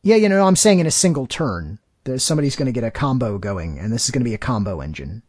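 Grumbling man with a lively voice. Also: medium pitch, quick pace, dry recording, studio quality. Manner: wry, grumbling, lively delivery. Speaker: podcast co-host. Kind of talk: casual chat about card games.

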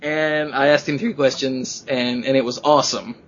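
A man hosting a podcast, chatting casually and telling excited stories in which he acts out quotes in a rising voice. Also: medium pitch, normal speed, lo-fi sound, slight background noise. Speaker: podcast host.

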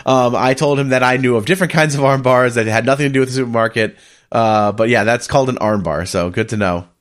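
A man co-hosting a casual podcast, laughing and rambling, sick and straining his voice. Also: medium pitch. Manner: rambling, laughing, fast deadpan reading. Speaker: podcast co-host. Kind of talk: casual chat.

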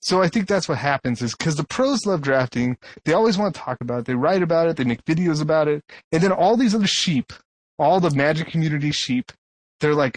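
A man's voice: a little high, animated, fairly quick, dry recording. A man co-hosting a podcast in casual chat, ranting sarcastically and swearing a lot. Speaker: podcast co-host.

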